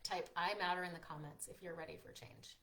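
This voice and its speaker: A woman hosting a live-streamed workshop, chatty and encouraging, reading out viewers' comments and filling pauses with "like" and "um". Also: on the low side, fairly even intonation, a bit bright, a little hiss or hum. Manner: encouraging, frequent fillers like "like" and "um". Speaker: workshop host and coach.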